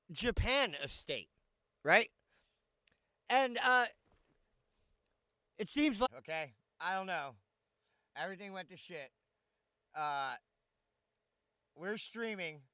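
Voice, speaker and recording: A man's voice: high-pitched, a bit bright, smooth, no room sound, clean studio sound. A man hosting a casual live stream, swearing freely, greeting his chat by name and griping at tech trouble. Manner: brash, swearing, talks to chat; irritated, muttering while fixing stream.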